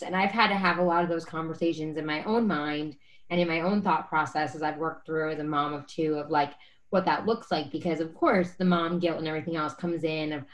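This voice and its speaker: A woman's voice: low voice, poor audio. A woman hosting a conversational interview, a mother of two, speaking in a sincere, reflective way.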